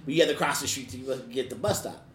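A man's voice: mid-range voice, quick pace, reverberant, crowd noise. A man telling a casual, funny personal story, often laughing as he talks. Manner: laughs through his telling, loose casual speech. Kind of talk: casual anecdote.

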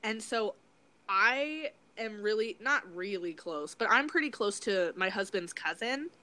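A woman hosting a podcast, chatting casually and backing up her guest with quick replies. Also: medium pitch, animated, bright, forceful tone. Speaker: podcast host. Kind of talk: casual chat.

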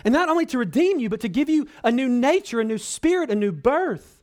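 A man preaches with expression and a fairly quick pace, addressing the congregation as brothers and sisters. He moves back and forth between loud pleas and quiet, low passages.

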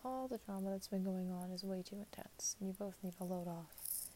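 Soft-spoken young woman, half whispered. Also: mid-range voice, moderate pace, a little hiss or hum. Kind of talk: reflective spoken monologue.

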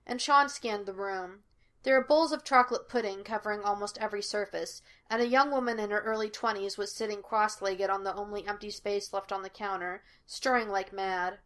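A woman reading a fan fiction story aloud in a steady narrating voice. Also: mid-range voice. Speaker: podfic reader.

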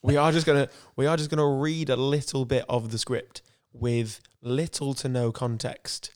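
A man's voice: mid-range voice, level tone, normal speed, darkish tone. A male podcast co-host in casual comedic chat, giggly and sarcastic.

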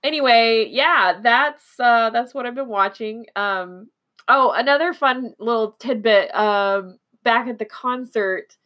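A woman's voice: a little high, slow, a bit bright. A woman from Oklahoma chatting casually as a host, rambling with fillers, restarts and frequent giggles. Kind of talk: casual chat.

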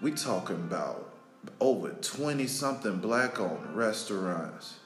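A man, hosting a podcast and delivering an emotional, preachy monologue that repeats lines for emphasis and swings between loud and soft. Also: on the low side, big pitch swings, unhurried. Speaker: podcast host. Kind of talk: impassioned spoken monologue. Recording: roomy echo with faint music.

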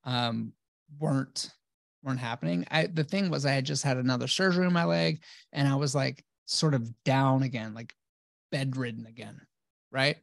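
A man's voice: mid-range voice, moderate pace, gravelly, dry recording, studio quality. A man telling his own story casually as a guest, blunt and profane, acting out his old replies.

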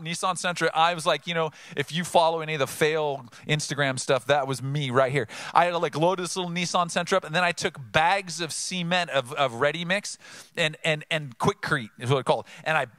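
A man from Southern California preaching an energetic, conversational sermon full of rhetorical questions. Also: on the high side, fairly quick, no echo. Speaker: pastor.

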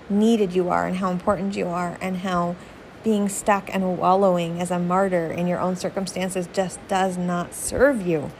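A woman's voice: fairly low pitch, gravelly, a little mellow, slight background noise, low-quality recording. A woman hosting a podcast, talking straight to her listeners in an earnest, encouraging way. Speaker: podcast host. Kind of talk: motivational podcast monologue.

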